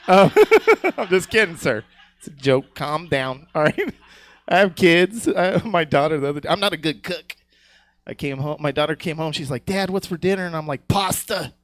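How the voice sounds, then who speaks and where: Man, stand-up comic, crude jokes, chuckles at himself, very lively pitch, slightly high voice. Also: normal speed, dry recording. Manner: crude, rambling, laughs at his own jokes; keeps asking "you know what I'm saying". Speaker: stand-up comedian. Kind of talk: live stand-up set. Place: comedy theater stage.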